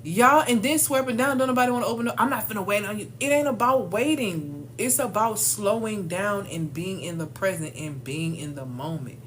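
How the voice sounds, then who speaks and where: A woman's voice: mid-range voice, moderate pace, few pauses, a bit bright, slight background noise. A woman coach giving a casual motivational training talk, emphatic and slangy, calling her listeners "y'all" and "baby". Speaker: leadership coach for women.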